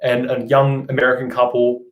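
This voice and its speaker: A man's voice: mid-range voice, monotone, moderate pace. A young Australian man chatting casually on a live stream, reading out and answering viewer comments. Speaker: vlogger.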